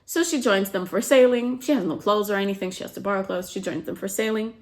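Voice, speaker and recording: A woman's voice: medium pitch, fast talker. A woman casually retelling a novel's plot as a book summary host, chatty and full of "like" fillers, briefly acting out what the characters say. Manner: chatty, frequent "like" fillers, acts out quotes.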